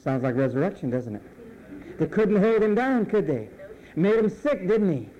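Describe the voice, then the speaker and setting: A man's voice: high-pitched, sing-song, normal speed, lo-fi sound. A male pastor preaching a sermon emphatically, drawing out phrase endings and letting them fall.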